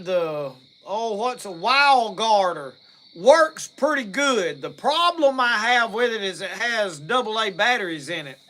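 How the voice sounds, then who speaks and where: A man's voice: high-pitched, bright, forceful tone. A man with a Mississippi Southern accent, hosting a live stream and chatting in a folksy, rambling way as he reads out viewer comments. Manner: folksy, rambling, laughs easily. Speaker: livestream host.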